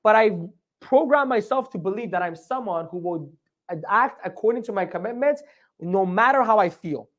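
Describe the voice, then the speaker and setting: A man giving a live motivational training talk, animated, often asking the audience questions and acting out his own inner dialogue. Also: high-pitched, moderate pace. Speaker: motivational speaker.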